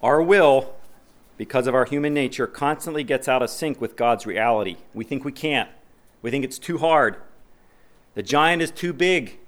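A male pastor preaches in a mid-range voice, moving between plain conversational asides and raised, emphatic scripture reading. He puts questions to the congregation and answers them himself. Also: mid-range voice. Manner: preaching, reads scripture aloud with rising emphasis. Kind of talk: sermon.

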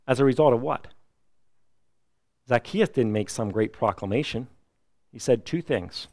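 A middle-aged man preaching a sermon, lively and emphatic, now and then acting out the people he quotes. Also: medium pitch, measured pace, long pauses, no echo, studio quality. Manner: animated preaching, acts out quoted voices. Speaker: pastor.

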